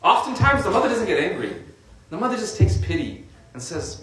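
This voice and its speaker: A man's voice: high voice, very animated, fairly quick, a bit bright. A man giving an informal religious talk in a conversational way, with lots of casual fillers. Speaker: religious speaker. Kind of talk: informal sermon. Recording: echoey room from a distant mic.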